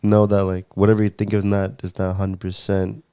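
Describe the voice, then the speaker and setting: A man's voice: low-pitched, completely flat delivery, a little fast, mellow, smooth. A man co-hosting a casual podcast, hesitant, with many restarts and fillers. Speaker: podcast co-host. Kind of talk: casual chat.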